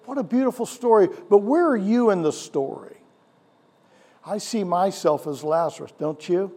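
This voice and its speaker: A male pastor preaching a sermon, animated, with rhetorical questions and chuckles, in a church. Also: high-pitched, normal speed. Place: church sanctuary. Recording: long church hall reverb.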